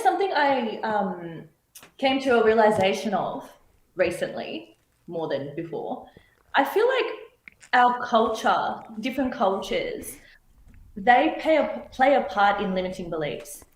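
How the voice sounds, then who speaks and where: A woman's voice: medium pitch, reverberant, rough recording. A woman from Australia hosting a podcast, who talks earnestly and with animation in casual conversation and laughs often. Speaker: podcast host.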